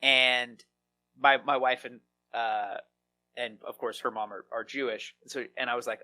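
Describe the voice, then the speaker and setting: A man being interviewed on a podcast, telling comic stories in an animated, rambling way and laughing often. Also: mid-range voice, a little fast. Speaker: podcast guest, comedy writer. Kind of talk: casual conversation, comic storytelling.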